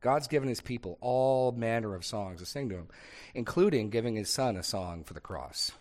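A man's voice: mid-range voice, animated, normal speed, darkish tone. A man leading a Bible discussion as pastor, speaking earnestly, thinking aloud with small restarts and building points through rhythmic repetition. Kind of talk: unscripted teaching in a sermon discussion.

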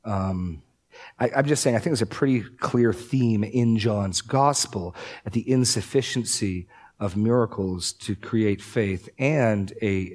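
A man teaching through a Bible passage in a casual discussion, with animated, sarcastic asides. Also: lowish voice.

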